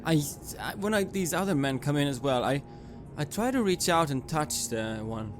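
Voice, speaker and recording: A man playing a character in a tabletop horror game, answering quickly and eagerly. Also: fairly high pitch, lively intonation, music in the background.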